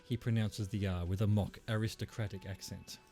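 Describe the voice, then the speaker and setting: Male streamer, reading a game aloud, steady narration, occasional asides, faint music. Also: fairly low pitch, fairly quick.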